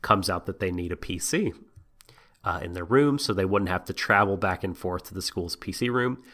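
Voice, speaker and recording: Laid-back low-voiced man chatting. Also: moderate pace, fairly bright tone. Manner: laughs often, many ums and restarts. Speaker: podcast co-host. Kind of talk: casual chat recapping an anime.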